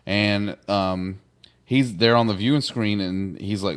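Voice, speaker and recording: A man's voice: on the low side, takes it slowly, smooth. A man casually recapping a TV episode on a podcast, acting out lines with playful voices. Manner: animated retelling with playful put-on voices. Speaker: podcast co-host.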